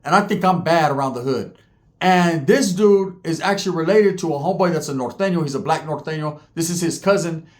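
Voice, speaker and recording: A man's voice: fairly high pitch, a little fast. A man in his forties from California, telling street stories in a casual, profane way with heavy slang. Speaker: storyteller host.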